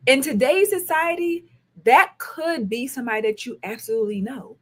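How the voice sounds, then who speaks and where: A woman's voice: high voice, animated, normal speed, a bit bright. A woman in her thirties hosting a casual livestream, talking emphatically, repeating her phrases and speaking straight to her viewers. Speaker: talk show host and school counselor.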